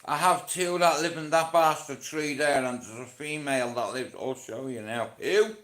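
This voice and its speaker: Bright, animated Irishman telling stories live. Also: medium pitch, normal speed. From Ireland. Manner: animated, profane, sarcastic storyteller acting out both sides. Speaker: livestream host. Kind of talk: casual live-stream storytelling. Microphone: phone.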